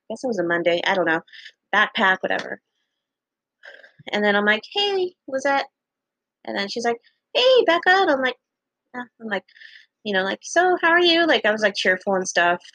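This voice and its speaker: A young woman casually telling a story to her viewers, chatty and laughing often, acting out what people said with big jumps in pitch and casual swearing. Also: fairly bright tone, dry recording, poor audio.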